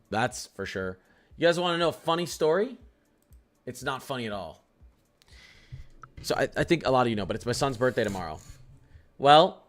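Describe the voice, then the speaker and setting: A chatty man hosts a live weather stream from his desk mic, joking with viewers and greeting them by name. His voice sits at an ordinary middle pitch, relaxed and conversational throughout. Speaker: weather livestream host. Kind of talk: casual live-stream chat.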